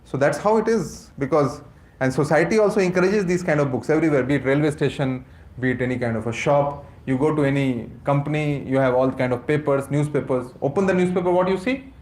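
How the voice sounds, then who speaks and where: A man with an Indian accent giving a lively lecture to a class, asking rhetorical questions and mixing English with Hindi. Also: a little high, fast. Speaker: course teacher at a temple.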